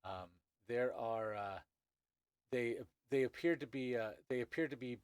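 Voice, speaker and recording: A man's voice: mid-range voice, clear, resonant tone, no echo. Male game master, hesitant narration, dry mic, medium voice. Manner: halting, many restarts and fillers.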